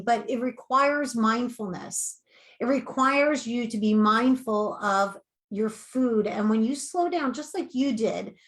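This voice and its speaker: Animated, higher-pitched woman coach. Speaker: weight-loss coach. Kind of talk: conversational interview.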